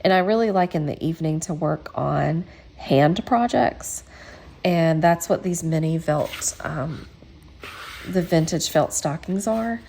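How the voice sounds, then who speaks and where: A woman's voice: sits low, unhurried, gravelly, dark tone, a little hiss or hum. A woman hosting a casual craft tutorial, chatty and encouraging, with frequent ums. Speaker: quilting channel host.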